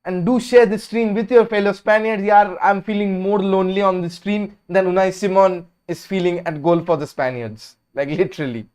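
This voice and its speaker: A high-pitched man talks through a football match on his live stream. His casual commentary is chatty and opinionated, jumping from lively calls of the action to quiet, drowsy asides. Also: moderate pace, hardly any pauses, clean tone. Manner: chatty and opinionated, drifting between lively calls and low mumbles. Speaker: host of a live watch-along stream.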